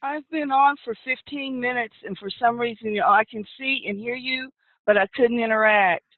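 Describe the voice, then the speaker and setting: A webinar participant chatting quickly and animatedly, joking about being left out. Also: mid-range voice, no room sound. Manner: fast, animated, self-deprecating. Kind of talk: casual chat. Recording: tinny phone-like call line.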